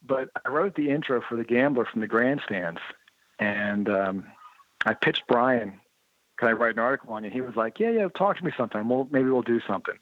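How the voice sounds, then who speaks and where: A man's voice: mid-range voice, moderate pace, no echo. A man talks through a thin, phone-like line with a dry, close sound. He tells his stories casually and animatedly. He slips into the voices of the people he quotes. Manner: lively anecdotal, acts out quoted dialogue. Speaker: interview guest, motorcycle writer and blogger. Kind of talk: casual storytelling interview.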